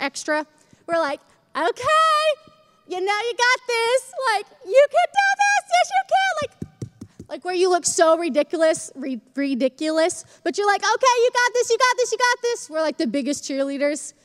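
Preaching in a church, a young woman keeps things animated and conversational, dramatizing little anecdotes as she goes. Her voice sits high.

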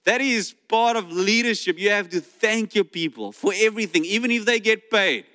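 Animated man preaching in a reverberant church. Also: sits high, normal speed. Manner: animated, acts out voices in retelling. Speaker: pastor. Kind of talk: sermon. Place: church sanctuary. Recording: long hall reverb.

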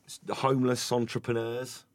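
A man's voice: mid-range voice, flat delivery, a little fast, no room sound. A man co-hosting a podcast, rambling through jokes and anecdotes in casual chat. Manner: rambling, giggly, tells anecdotes. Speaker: podcast co-host.

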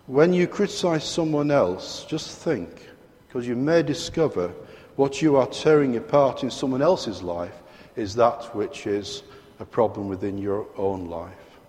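With a medium-pitched, darkish voice and lively intonation, a British man preaches at a measured pace. Emphatic and fond of asking the congregation rhetorical questions, he speaks in a large church hall whose long reverb fills the recording.

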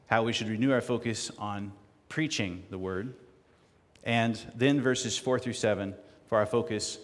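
Man preaching in a reverberant sanctuary. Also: on the low side. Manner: rising to loud emphatic reading of scripture. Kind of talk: sermon with scripture reading. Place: church sanctuary. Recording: long hall reverb.

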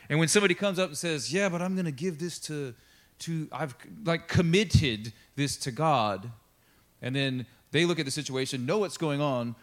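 Chatty, animated male pastor. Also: fairly high pitch. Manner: conversational, animated, acts out quotes with laughs and asides. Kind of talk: casual sermon. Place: church sanctuary.

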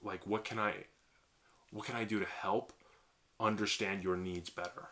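A man's voice: on the low side, fairly even intonation, moderate pace, sharp tone. A man co-hosting a podcast, explaining relationship ideas in a thoughtful, rambling way with many fillers and restarts. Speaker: podcast co-host, marriage therapist. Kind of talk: casual conversational podcast.

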